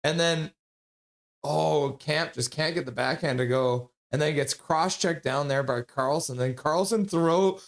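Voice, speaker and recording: A man streaming live play-by-play commentary, joking with viewers between calls and getting loud and excited on big plays. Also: a little high, a little slow. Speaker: streamer calling the game live.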